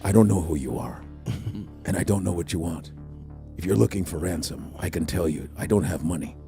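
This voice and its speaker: A man doing an impression of a grim middle-aged action hero who speaks in slow, gravelly, menacing tones, with music behind. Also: low-pitched. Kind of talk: movie-villain-threat impression.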